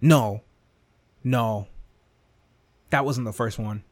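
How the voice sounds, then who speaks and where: A young man hosting a podcast, ranting casually with lots of swearing, repetition and quick asides. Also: medium pitch, no room sound. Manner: animated, profane, repetitive, swings into mock whispers and impressions. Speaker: podcast host. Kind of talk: casual rant monologue.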